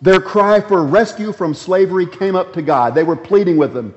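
A preacher delivering a sermon, his voice sitting a little high for a man. He acts out the grumbling of a crowd in a raised voice, then sinks into quiet, low asides. The recording is dull and lo-fi, with a long reverb from a big hall. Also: normal speed, hardly any pauses.

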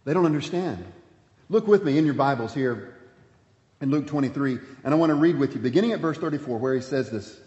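Man, pastor, sermon, emphatic then hushed, roomy reverberant sanctuary, muffled lo-fi sound. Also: mid-range voice, expressive, fairly quick. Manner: preaching with wide swings from emphatic to hushed. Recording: echoey hall, dull sound.

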